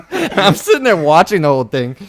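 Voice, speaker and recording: A young man co-hosting a podcast, telling a party story in casual chat and laughing often. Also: high voice. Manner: animated, laughs while telling stories. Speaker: podcast co-host.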